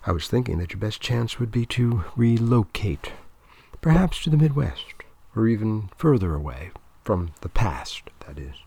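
Reader gives a quiet, formal older tournament director, low and gravelly. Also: male voice, sing-song, normal speed, full character voice. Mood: measured. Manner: hushed, formal. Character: older male tournament director, measured and stern.

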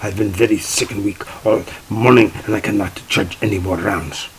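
A man's voice: on the low side, steady tone, normal speed, a little hiss or hum, lightly acted. A man imitating a woman who plaintively claims in a heavy German accent that she is sick and weak.

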